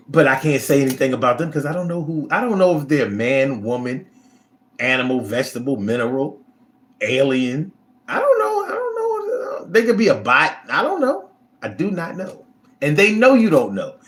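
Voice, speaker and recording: A man's voice: mid-range voice, expressive, normal speed, a bit bright. A man hosting a casual livestream who reads viewer comments and talks in a blunt, profane, rambling way. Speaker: livestream host reading chat.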